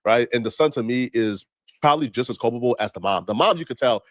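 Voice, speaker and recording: A man hosting a casual reaction talk, ranting with energy and climbing higher when worked up. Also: fast, no echo. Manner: animated, rants with rising pitch when worked up. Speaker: host.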